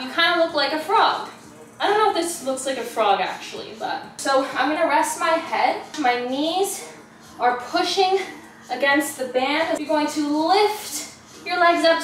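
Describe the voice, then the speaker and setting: With a high-pitched, slightly bright voice, a young fitness vlogger counts out reps breathlessly during a follow-along workout, cursing and groaning as she strains. The camera sits far off in an echoey room, with background music and a faint hiss or hum.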